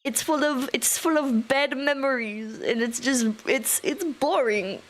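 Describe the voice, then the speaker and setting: Young woman streamer, slightly high voice; rambling, sweary, off-the-cuff chat. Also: measured pace. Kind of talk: casual live-stream chat.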